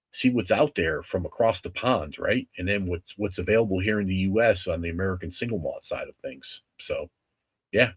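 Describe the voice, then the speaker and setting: A man hosting a casual livestream with a husky voice, talking in a rambling, halting way with many restarts. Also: lowish voice. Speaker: livestream host.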